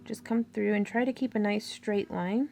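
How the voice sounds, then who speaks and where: A woman's voice: medium pitch, fairly even intonation, normal speed, creaky, warm tone, soft background music. A woman hosting a crafting tutorial, chatting casually and thinking aloud as she works. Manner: chatty, thinking aloud, with fillers and little laughs.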